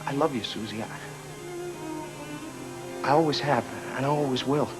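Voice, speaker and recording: An actor playing a young man who pleads haltingly with the woman he loves, in a 1980s daytime soap opera. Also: medium pitch, natural voice, poor audio. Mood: pleading. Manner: halting, pleading, soft-spoken. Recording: archived TV recording with music.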